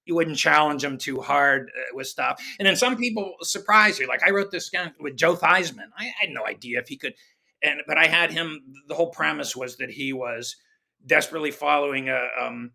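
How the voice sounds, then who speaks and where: A middle-aged man telling showbiz stories in a relaxed chat, acting out the voices of the people he quotes with animated shifts. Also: a little high, fairly quick, vocal fry. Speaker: guest comedy writer. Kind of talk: conversational storytelling.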